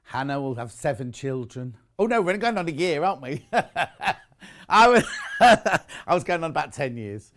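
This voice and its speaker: A British man hosting a live shopping channel segment, gushing over each item in a chatty stream. His voice sits fairly high and swings up and down a lot as he exclaims. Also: big pitch swings, normal speed, fairly bright tone. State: out of breath. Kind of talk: live sales presentation. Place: TV studio.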